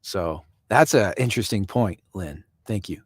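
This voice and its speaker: A man's voice: low-pitched, lively intonation, normal speed, dry recording, studio quality. A man from Canada hosting a casual live stream. He reads viewer comments aloud, answers people by name and chuckles often.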